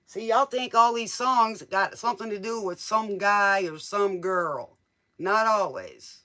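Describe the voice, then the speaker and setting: A man's voice: high voice, unhurried, pushed and bright. A man doing a casual live-stream tarot reading, joking, teasing and laughing as he answers viewers' questions. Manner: jokey, teasing, laughs often. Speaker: tarot reader.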